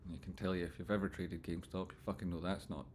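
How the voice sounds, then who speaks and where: Low-voiced Scottish man chatting on a livestream. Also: little pitch movement, fast, a little hiss or hum. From Scotland. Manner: chatty, swears freely, swings from loud jokey outbursts to soft sincere asides. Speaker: livestream host reading chat. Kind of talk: casual livestream chat.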